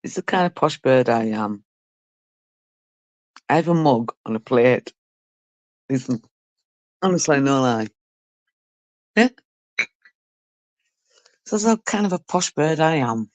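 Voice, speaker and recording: A woman's voice: a bass voice, expressive, takes it slowly, pauses often, a little mellow, no echo. A woman talking casually and bluntly to her live-stream viewers, swearing freely.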